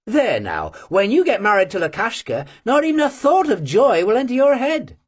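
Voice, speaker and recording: An audiobook reader voicing a lively, teasing young Cossack girl who gushes and presses her friend with eager questions. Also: medium pitch, moderate pace, breathy edge, pitched above the performer's own voice. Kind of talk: audiobook character voice.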